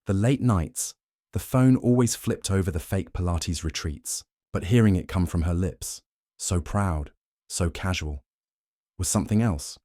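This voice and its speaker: Brooding deep male narrator. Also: a little mellow, dry recording, clean studio sound. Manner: brooding, measured, vengeful. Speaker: storyteller. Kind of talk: first-person dramatic narration.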